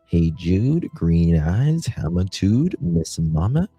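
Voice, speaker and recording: Male livestream host, deep mellow voice, chatty and halting with fillers. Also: husky, dry recording, faint music behind. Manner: thanks viewers one by one, affectionate pet names. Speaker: host of a true crime livestream. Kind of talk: casual livestream chat.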